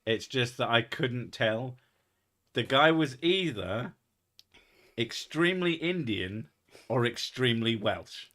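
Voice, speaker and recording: A man hosting a casual chat podcast, telling stories in an animated, sweary way. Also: medium pitch, slow. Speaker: podcast host.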